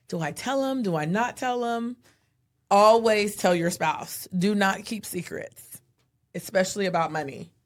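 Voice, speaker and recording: Animated woman telling a story. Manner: animated storyteller, acts out quotes in a high voice. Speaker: podcast co-host. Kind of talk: casual chat.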